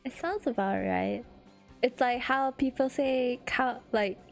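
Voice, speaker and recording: Giggly woman, high voice, slow. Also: gravelly, soft background music. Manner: giggly, frequent high-pitched laughter. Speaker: streamer. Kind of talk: casual chat.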